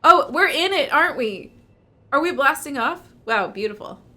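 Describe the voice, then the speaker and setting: A young woman streamer commenting on a game she is playing, excitable and jokey. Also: high-pitched, normal speed. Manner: excitable, giggly, jokey reactions. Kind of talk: live gameplay commentary.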